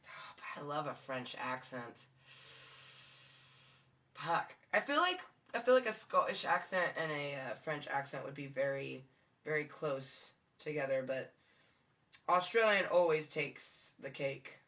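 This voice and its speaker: Bright-voiced, rambling woman streamer. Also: expressive, unhurried. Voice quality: low-toned for a woman. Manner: rambling, profane, giggly, many fillers. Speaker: live streamer. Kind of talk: casual live-stream chat with viewers.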